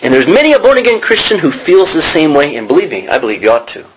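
A man's voice: a little high, quick pace, slightly rough, poor audio. A man teaching an informal Bible study, asking the class questions and acting out the lines he quotes. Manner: animated, acts out quotes, asks the class questions.

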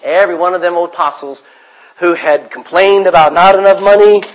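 A man preaching a sermon as pastor, swinging from hushed asides to loud acted-out quotes. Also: high voice, fairly quick, dull audio.

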